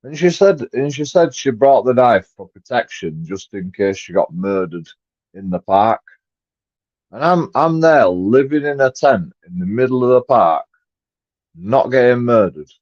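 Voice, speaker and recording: A man, rambling profanely on a live stream and swinging between mumbled asides and loud outbursts. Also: mid-range voice, lively intonation, a little slow, no room sound. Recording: dry, dull lo-fi sound.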